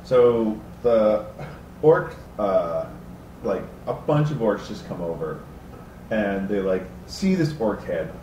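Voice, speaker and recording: A man's voice: lowish voice, big pitch swings, slow pace, warm tone, muffled recording. A man narrating as game master of a tabletop game, rambling with many fillers. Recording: roomy, distant, faint noise.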